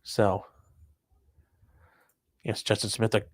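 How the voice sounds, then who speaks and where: A man's voice: lowish voice, unhurried, creaky, long pauses, fairly bright tone, breathy edge. A man hosting a casual live stream, reading viewer comments and riffing on news with crude, offhand jokes. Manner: offhand, crude jokey asides. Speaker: livestream host reading chat.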